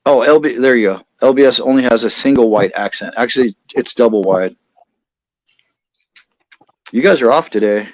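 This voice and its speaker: A man's voice: mid-range voice, normal speed, long pauses, no room sound. Rambling American man hosting a livestream. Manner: rambling, reads chat aloud. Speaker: livestream host. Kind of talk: casual livestream chat.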